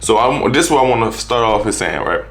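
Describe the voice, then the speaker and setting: A man's voice: medium pitch, animated, fast talker, fairly bright tone. A man preaching in a loose, conversational way, often restarting his sentences and tagging them with "right?" and "you know". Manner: restarts and rephrases often, street-casual wording. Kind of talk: casual conversational sermon.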